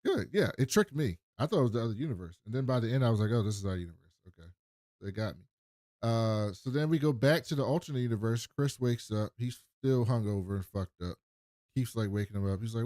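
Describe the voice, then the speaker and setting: A man's voice: fairly low pitch, fast talker, dry recording, studio quality. A man co-hosting a podcast, casually recapping an episode and acting out the characters' lines. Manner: animated retelling with acted quotes. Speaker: podcast co-host.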